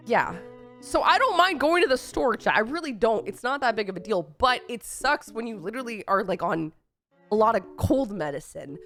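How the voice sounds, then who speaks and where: A woman's voice: a little high, big pitch swings, normal speed, a bit bright, soft background music. A young woman from Texas who is sick with a cold, chatting casually on her livestream and telling a rambling story with exasperated asides. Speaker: streamer.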